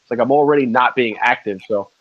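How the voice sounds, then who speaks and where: A man's voice: mid-range voice, fast talker. Man, casual podcast chat, rambling stories, swears often, dull lo-fi recording. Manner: swears a lot, rambling storyteller. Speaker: podcast co-host.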